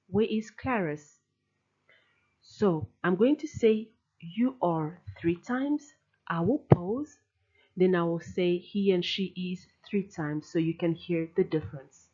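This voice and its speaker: A woman teaching a pronunciation lesson, drilling words slowly and carefully, repeating each one with clear emphasis. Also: lowish voice, a little mellow, dull audio. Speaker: language teacher.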